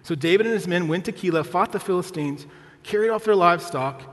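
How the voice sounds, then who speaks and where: A man's voice: high-pitched, fairly quick, long reverb tail. A male pastor preaching a sermon, telling a family story with humor and often asking the congregation "right?".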